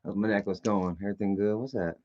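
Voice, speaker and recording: A man's voice: on the low side, steady tone, fast talker, a little mellow. Rambling man on a dull lo-fi stream. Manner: loose, profane, rambling with many fillers. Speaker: live streamer. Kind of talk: rambling casual live stream chat.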